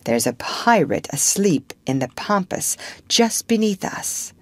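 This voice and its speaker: A woman's voice: mid-range voice, big pitch swings, measured pace, dry recording, pitched above the performer's own voice. A woman voicing a bold, boastful boy adventurer who talks about danger in a brash, matter-of-fact way.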